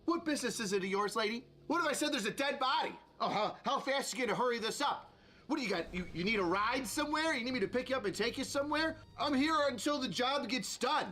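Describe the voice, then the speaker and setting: A man's voice: extremely high pitch, expressive, fast talker, pushed and bright. A man giving sarcastic, mocking reaction commentary on a video as a streamer, ranting as he goes.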